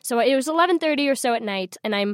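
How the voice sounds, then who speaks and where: Young woman in her 20s, bubbly, laughs a lot, fairly high voice, dry studio sound. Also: animated, very fast, no room sound. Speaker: interview guest. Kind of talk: storytelling interview.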